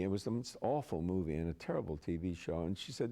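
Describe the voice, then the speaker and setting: A man's voice: fairly low pitch, sing-song, fairly quick, hardly any pauses, dark tone. A man, an actor, telling anecdotes as an interview guest in a chatty raconteur manner, laughing through his stories. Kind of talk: anecdotal storytelling.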